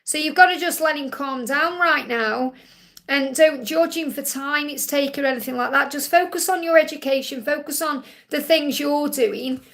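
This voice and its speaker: Speaking at a moderate pace, this psychic card reader has a high, somewhat bright voice with a gravelly edge. During her live card-reading stream she relays viewers' questions and messages, comforting each one and frequently tagging on "okay?".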